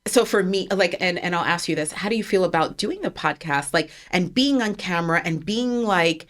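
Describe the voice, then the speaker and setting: Animated lower-voiced Jersey woman. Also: moderate pace. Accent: New Jersey. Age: 40s. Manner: animated, emphatic, repeats words. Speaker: podcast co-host. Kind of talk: casual chat.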